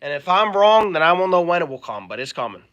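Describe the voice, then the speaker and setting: A young man co-hosting a casual podcast, animated and doing impressions. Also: on the high side, fast, muffled recording. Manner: animated, does voices and shouts. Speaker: podcast co-host. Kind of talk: casual chat.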